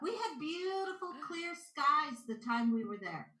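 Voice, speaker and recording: A Canadian woman, a guest, chatting in a lively storytelling way on a video call and acting out the voices in her stories. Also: high-pitched, unhurried. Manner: animated storyteller, acts out quotes. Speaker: guest intuitive. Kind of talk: casual interview chat. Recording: echoey room.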